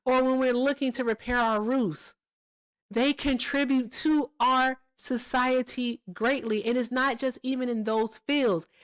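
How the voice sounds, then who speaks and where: Casual and cursing, a livestream host talks bluntly through her commentary, tossing in "okay?" and "all right?" again and again. She speaks with a smooth, high-sitting voice, keeping a steady tone and a measured pace.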